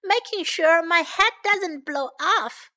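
A woman's voice: extremely high pitch, animated, slow pace, bright, forceful tone, pitched above the performer's own voice, exaggerated voice. A woman voicing a small stubborn male hedgehog in a storybook reading. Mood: indignant.

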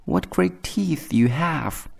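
A sweet, trusting little girl from a bedtime story, as a man reading aloud puts her on. The voice jumps high and piping, with a bouncy, lively lilt. It sounds like a storybook reading meant for listeners winding down. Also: slow pace, creaky, slightly rough, heavily acted. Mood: wondering.

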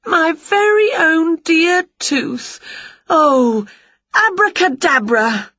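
A woman voicing an excitable adult female witch in a picture-book story, squealing and dramatic. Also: extremely high pitch, a little slow, no room sound, muffled recording, voice pushed up, full character voice. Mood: gleeful.

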